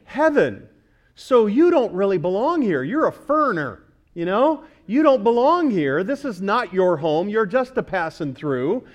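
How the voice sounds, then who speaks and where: High-voiced preacher quizzing his congregation. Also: very animated, measured pace, muffled recording. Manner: asks the congregation questions and repeats key words. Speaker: pastor. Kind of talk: sermon.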